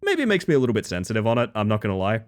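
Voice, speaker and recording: A man's voice: on the low side, huge pitch swings, very fast. A young Australian man chatting casually on a game stream, reading chat messages and rambling with restarts.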